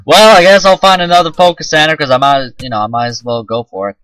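A man's voice: on the high side, fairly even intonation, fast, a bit bright, rough recording. A man casually commenting on his own gameplay, rambling and self-mocking and swearing often. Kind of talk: casual let's-play commentary.

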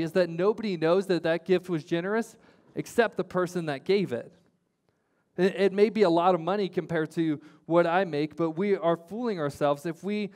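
A pastor gives a sermon in a fairly high male voice. He drives points home by repeating phrases and often restarts mid-sentence. His talk is plain and conversational. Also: a little mellow. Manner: repetitive emphatic phrasing, many restarts.

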